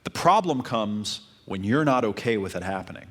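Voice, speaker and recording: A man with a fairly low voice gives dating advice. He speaks calmly and steadily. He keeps circling back to the same points. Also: normal speed. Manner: calm, repetitive advice-giving. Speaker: dating coach. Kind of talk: coaching talk.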